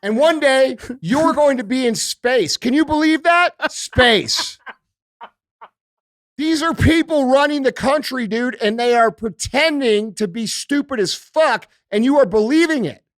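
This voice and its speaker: A man doing a mocking impression of a rambling, circular female politician who speaks slowly and haltingly. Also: high-pitched, expressive, no room sound, pitched above the performer's own voice. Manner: mocking, drawn-out and slow. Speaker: impression by the host.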